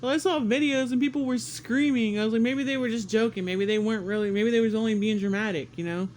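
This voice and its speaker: A man vlogging a casual story about being sick, animated and swearing often, acting out what people said. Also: sits high, quick pace, a little hiss or hum. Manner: animated, swears often, acts out quotes with squeals. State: congested and sick.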